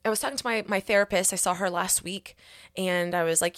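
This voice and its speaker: A woman talking on her own podcast in loose, rambling chat, full of candid asides and sincere encouragement. Her pitch sits mid-range for a woman, and the close, dry sound has no room echo. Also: fairly even intonation, a little fast, fairly bright tone. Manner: earnest and encouraging. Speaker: podcast host. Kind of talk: casual solo podcast chat.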